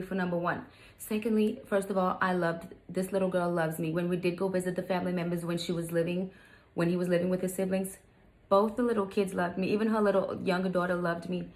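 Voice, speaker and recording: A woman's voice: fairly low pitch, rough recording. A young adult woman, a stepmother, telling a story in a casual vlog, emphatic and heated, with many fillers. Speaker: vlogger, stepmother.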